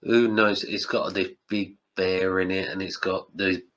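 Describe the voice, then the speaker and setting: Man, low voice, casual podcast banter, laughs a lot. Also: level tone, measured pace, a bit bright. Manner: chatty, laughs often, drops into mock quotes. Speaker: podcast host. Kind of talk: casual chat.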